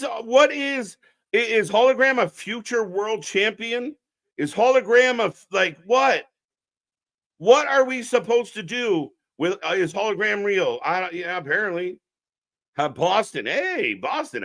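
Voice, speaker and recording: Speaking in a high-pitched, somewhat bright voice, a man hosts a live stream watching wrestling along with viewers. His unscripted alternative commentary is sarcastic and blunt, laced with swearing as he chats with the audience.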